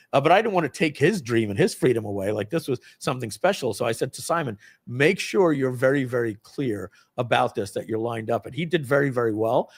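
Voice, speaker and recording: A man tells a story to an audience in a lively, animated way. He leaps into high squeaky voices when quoting others. His voice sits at an ordinary middle pitch. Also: a little fast. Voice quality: acts out voices with big pitch jumps. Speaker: host.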